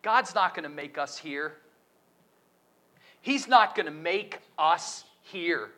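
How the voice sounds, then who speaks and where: Animated preacher with a high, bright voice. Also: male voice. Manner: questioning, lively emphatic delivery with drawn-out quotes. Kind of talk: sermon.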